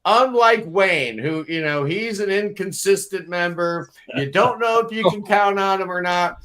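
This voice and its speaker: A man's voice: sits high, unhurried, a bit bright. A man hosting a casual live-stream panel chat, introducing his guests in a chatty, upbeat, teasing way. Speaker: host.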